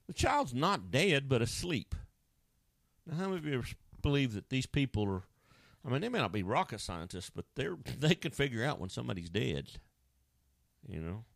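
Animated preacher man, dry close sound. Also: fairly quick, creaky, no echo. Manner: animated, acts out Bible scenes with sudden high wailing voices. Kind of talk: sermon.

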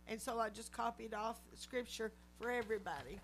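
High-voiced woman telling a testimony sermon. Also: a little fast, a little hiss or hum. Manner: animated storytelling, acting out quoted voices. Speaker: lay preacher.

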